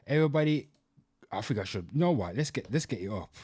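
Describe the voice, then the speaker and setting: Young dude hosting, loud and crude, keeps yelling "people", plugging merch. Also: male voice, mid-range voice, lively intonation, fast, breathy edge, dry recording, clean studio sound. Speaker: host. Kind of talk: brash comedic channel talk.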